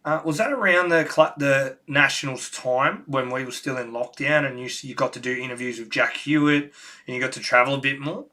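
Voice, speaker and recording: A young Australian man hosting a casual interview, chatty and quick with agreement. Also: medium pitch, bright, forceful tone. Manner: chatty, frequent agreeing fillers. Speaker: interviewer, host.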